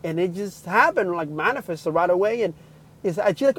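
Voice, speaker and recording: A young man telling a personal story in a casual livestream, excitedly acting out the people in it. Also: sits high, brisk, breathy edge, poor audio. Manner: excitable, acts out quotes loudly. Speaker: livestream host.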